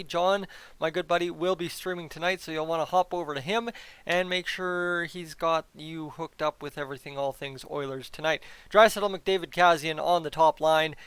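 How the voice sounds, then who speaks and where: A man giving a casual, energetic hockey game preview to his viewers, chatty and direct. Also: fairly high pitch, smooth, no echo. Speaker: hockey YouTuber.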